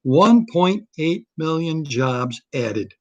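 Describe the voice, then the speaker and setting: A male comedian in a solo rant, blunt and riffing, often repeating himself. His voice sits a touch high for a man. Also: lively intonation, slow, highs cut off.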